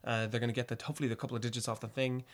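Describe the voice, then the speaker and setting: A young man tells a rambling story in a quick, tumbling rush, jumping between jokes and asides. His voice sits at an ordinary middle pitch for a man, and the talk is easygoing podcast chat. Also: flat delivery. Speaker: podcast co-host. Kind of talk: casual chat.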